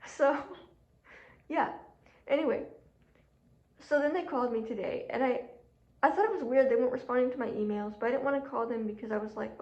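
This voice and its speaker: A woman talking casually to camera about her own experiences, chatty and animated, with lots of fillers and quoted self-talk, and a sore throat. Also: on the high side, a little fast, pauses often. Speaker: job seeker telling her story. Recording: echoey room, dull lo-fi audio.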